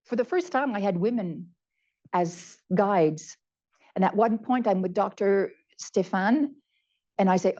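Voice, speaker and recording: A woman's voice: mid-range voice, unhurried, warm tone, muffled recording. A woman in her seventies giving a heartfelt personal talk, repeating words for emphasis. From Canada. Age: 70s. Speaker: conference speaker.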